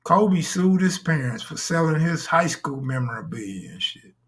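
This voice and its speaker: A man's voice: on the high side, animated, normal speed. A man hosting a live stream in casual talk, full of crude, boastful joking banter.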